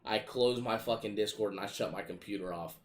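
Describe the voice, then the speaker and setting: A man casually telling gaming stories in a profane, animated, exasperated way. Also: on the low side, a little fast, slight background noise. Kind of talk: casual storytelling chat.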